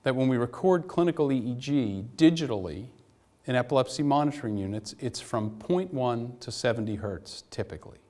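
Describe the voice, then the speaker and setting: A middle-aged man giving a conference lecture in an animated, anecdotal way with wry asides. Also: medium pitch, a little fast. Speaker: academic lecturer. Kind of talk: conference talk. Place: lecture hall.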